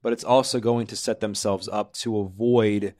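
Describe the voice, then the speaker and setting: A man's voice: fairly low pitch, fairly even intonation, moderate pace, darkish tone, no room sound, clean studio sound. A man hosting an interview, asking long, thinking-aloud questions. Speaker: interview host.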